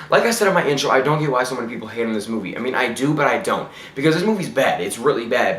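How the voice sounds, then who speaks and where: A man reviewing a film in a casual, blunt way, ranting and tripping over his words now and then. His voice sits at an ordinary middle pitch. The room around him is echoey. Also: fairly bright tone. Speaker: movie reviewer.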